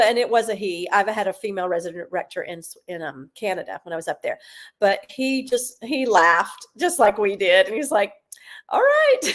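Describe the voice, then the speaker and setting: A middle-aged woman from South Carolina, a Broadway singer chatting as a guest and telling stories with lively, half-sung bits. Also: medium pitch. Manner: animated storyteller, sings snatches of lines. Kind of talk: casual interview chat.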